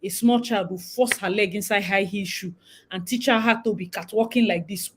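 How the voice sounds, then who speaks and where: A woman's voice: medium pitch, moderate pace, slightly rough, poor audio. A young woman from Nigeria with a Nigerian accent, hosting a casual livestream chat and slipping into Pidgin now and then. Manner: animated, mixing in Nigerian Pidgin. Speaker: livestream host.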